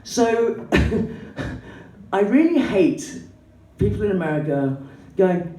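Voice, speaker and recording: An English woman doing stand-up comedy, an excitable, swearing storyteller who acts out the people in her story. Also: slow, pauses often. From England. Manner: excitable, swearing, acting out characters in shrill put-on voices. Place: comedy club stage. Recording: roomy hall, voice from a distance, faint background noise.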